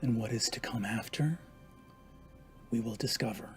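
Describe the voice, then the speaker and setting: A man narrating a tabletop game as game master, dramatic and sometimes dropping to a hush. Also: medium pitch, moderate pace, soft background music. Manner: dramatic, shifts to hushed whispers.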